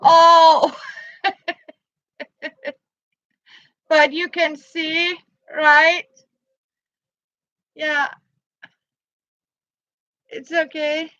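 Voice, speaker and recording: Slow, halting high-voiced woman. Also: flat delivery, sharp tone, no echo, lo-fi sound. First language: Danish. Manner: halting, searching for words, many fillers. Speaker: crafter showing handmade boots. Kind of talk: casual show-and-tell.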